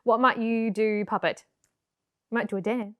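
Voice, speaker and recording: A woman's voice: a little high, fairly even intonation, moderate pace, fairly bright tone. Cheerful woman teaching puppet making. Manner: cheerful, encouraging, playful. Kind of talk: children's craft tutorial.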